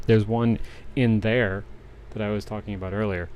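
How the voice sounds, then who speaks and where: A man's voice: lowish voice, steady tone, normal speed, highs cut off, a little hiss or hum. A man hosting a casual livestream, chatting in a rambling way with many restarts while he cross-stitches. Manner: rambling, restarts, talks while working thread. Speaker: livestream host. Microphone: desk microphone.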